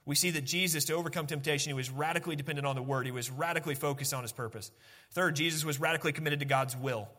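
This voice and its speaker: A man's voice: a little high, rapid-fire, pushed and bright. A man preaching a sermon as pastor, conversational and self-deprecating, repeating phrases for emphasis.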